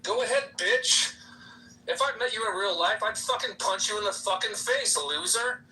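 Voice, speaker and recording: A man shouting profane insults in a heated voice-chat argument, heard through a distant app mic. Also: high voice, moderate pace. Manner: aggressive, profane, yelling insults. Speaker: room participant.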